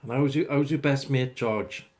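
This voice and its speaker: A man's voice: medium pitch, moderate pace, a little mellow. A man hosting a casual livestream, rambling as he chats with viewers by name. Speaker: livestream host chatting with viewers. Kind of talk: casual live chat.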